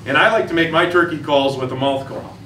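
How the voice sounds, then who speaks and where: A man's voice: on the high side, fairly quick, bright, forceful tone, a little hiss or hum. A man with an Upper Midwest American accent giving a plain, folksy, step-by-step demonstration for hunters. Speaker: turkey hunting instructor. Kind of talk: outdoor demonstration talk to hunters. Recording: roomy sound, voice from a distance, faint ambience.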